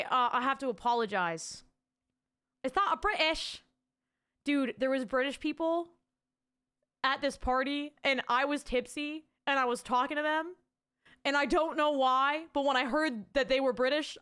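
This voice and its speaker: A woman's voice: high-pitched, fairly bright tone, smooth. A young adult woman, streaming and chatting casually, bubbly and rambling as she thanks her chat.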